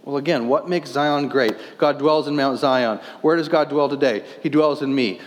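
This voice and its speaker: A fairly high-voiced man preaches a sermon as a pastor, earnest and questioning as he reads scripture aloud. His voice rings with the long reverb of a large church hall. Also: normal speed, hardly any pauses.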